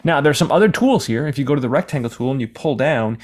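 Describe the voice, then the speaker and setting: A man teaching a screen-recorded software lesson in a casual, rambling way, sometimes acting out questions from imagined viewers. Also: medium pitch, animated, quick pace. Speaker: software tutorial instructor.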